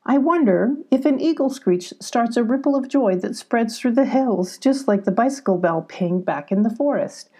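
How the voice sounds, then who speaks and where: A woman voicing an excitable young female cat adventurer, chatty and eager, in a storybook reading. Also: fairly high pitch, normal speed, few pauses, pitched above the performer's own voice. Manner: eager, chatty, bright-voiced.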